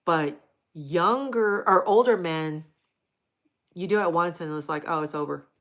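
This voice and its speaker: A woman's voice: fairly low pitch, a little slow, fairly bright tone. A middle-aged woman hosting a casual livestream, chatting frankly and with profanity while reading viewer comments aloud. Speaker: livestream host.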